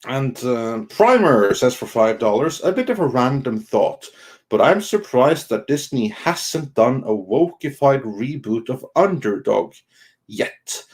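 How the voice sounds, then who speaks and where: Live-stream co-host, male, mid pitch, halting and filler-heavy, casual read-out of viewer messages. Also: sing-song. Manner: halting, many ums and restarts. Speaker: co-host of an online entertainment news show. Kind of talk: casual live-stream chat reading Super Chats.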